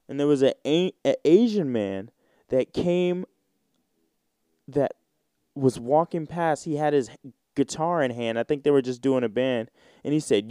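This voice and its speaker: A young man hosting a casual solo podcast, telling stories in an animated way and slipping into mocking voices. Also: fairly high pitch, measured pace, no echo, studio quality. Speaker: podcast host.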